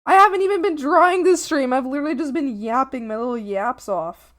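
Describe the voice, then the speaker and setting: A woman's voice: high voice, brisk. A young woman streaming, chatting casually and thanking viewers, playful and giggly as she teases her chat with mock scolding. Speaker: art streamer.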